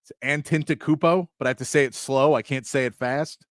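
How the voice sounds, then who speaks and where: A man's voice: medium pitch, fairly even intonation, fairly quick, dry recording, studio quality. A man hosting a sports talk show, chatting casually with many asides and frequent laughs.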